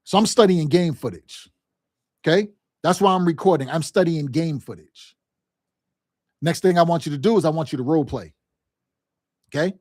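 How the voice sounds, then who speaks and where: A male sales coach with a fairly high voice drives his points home, repeating himself and checking in with his listeners. He talks in loose, casual vernacular. The sound is dry and close, with no room echo. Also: normal speed, long pauses, darkish tone. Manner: emphatic, repetitive, direct address with frequent "right?" and "okay?"; acts out quoted phone calls and family scenes in livelier voices. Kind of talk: motivational sales lesson.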